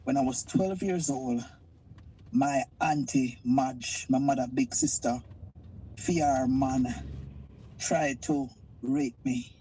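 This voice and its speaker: A Jamaican woman calling in to a live talk show, telling her story in an emotional, halting way with a stutter. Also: a bass voice, mellow, a little hiss or hum, poor audio. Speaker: caller. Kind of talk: call-in testimony.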